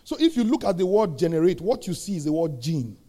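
A middle-aged man preaching a sermon, asking the congregation questions and building to shouted peaks. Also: on the high side, big pitch swings, fast talker. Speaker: pastor.

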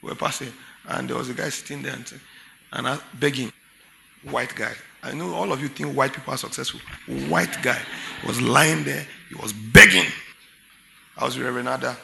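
A man's voice: medium pitch, normal speed, creaky, pushed and bright, a little hiss or hum. A Nigerian man preaching a sermon as pastor, emphatic and full of rhetorical questions to his congregation.

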